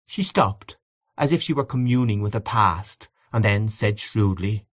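Expressive male audiobook narrator. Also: lowish voice, moderate pace. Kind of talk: audiobook reading of a literary short story.

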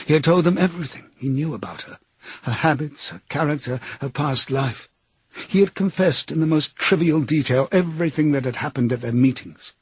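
A man narrating a novel as an audiobook in a measured, grave way. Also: medium pitch, breathy edge, dry recording, dull audio.

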